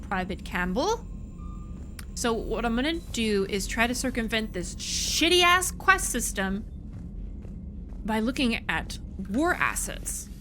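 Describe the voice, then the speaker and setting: A woman's voice: on the high side, sing-song, slow pace, bright, forceful tone, slight background noise. A woman streaming a video game, chatting casually, frustrated and swearing freely. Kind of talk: casual let's-play commentary.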